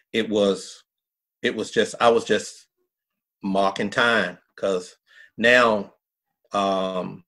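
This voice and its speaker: Middle-aged male pastor, husky voice, folksy and earnest storyteller, podcast guest. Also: lowish voice, fairly bright tone. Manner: earnest, folksy storyteller who acts out quotes.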